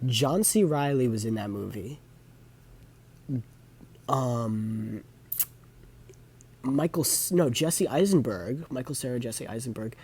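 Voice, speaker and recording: A young vlogger chats casually about movies he's watched, his mid-range voice a little mellow and slightly rough. The monologue rambles, packed with fillers and self-corrections.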